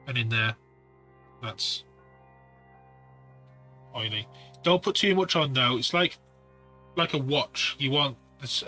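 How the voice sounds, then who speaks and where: Bright-voiced man giving hobby tips. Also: mid-range voice. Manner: rambling, practical, self-correcting asides. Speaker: miniature painting hobbyist. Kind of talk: casual hobby tutorial talk.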